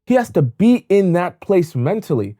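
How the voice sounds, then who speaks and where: Emphatic male dating coach, mellow voice. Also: high-pitched, big pitch swings, moderate pace. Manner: emphatic, repeats words for stress. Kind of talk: coaching monologue.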